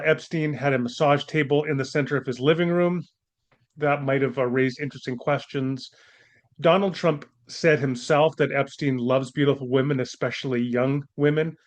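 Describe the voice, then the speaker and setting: A man hosting an opinionated commentary monologue, talking in an indignant, scornful way and firing off rhetorical questions. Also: medium pitch. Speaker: commentator and apologist host.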